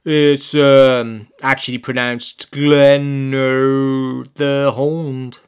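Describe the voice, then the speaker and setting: A man's voice: mid-range voice, unhurried, clear, resonant tone, close to an everyday voice. A man voicing a pair of shifty, evasive talking underpants claiming to be a Viking ghost, forever saying yeah. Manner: evasive, blustering, says yeah a lot.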